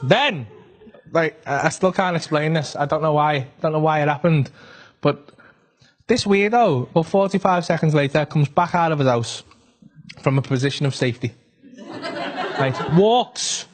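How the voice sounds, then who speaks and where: A man with a Northern English accent doing stand-up storytelling, animated and sweary, full of conversational asides. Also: a little high, normal speed, long pauses. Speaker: stand-up comedian.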